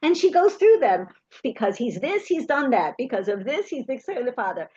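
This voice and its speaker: A woman's voice: high-pitched, a little fast, husky, dry recording, highs cut off. A middle-aged woman telling anecdotes to an audience, acting out the voices of the people in her stories. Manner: lively anecdotal storytelling, acts out quoted voices. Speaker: speaker. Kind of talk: storytelling talk to an audience.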